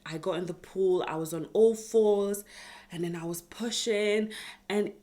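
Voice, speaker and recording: A British woman in her twenties telling her own story in a chatty, expressive way and speaking straight to her viewers. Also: mid-range voice, unhurried. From United Kingdom. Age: 20s. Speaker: vlogger. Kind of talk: personal storytelling vlog.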